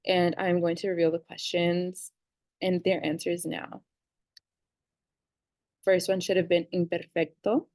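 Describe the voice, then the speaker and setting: A young woman in her twenties teaching a casual grammar lesson, reading verb forms slowly and clearly. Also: lowish voice, level tone, a little mellow, no room sound. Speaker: Spanish teacher.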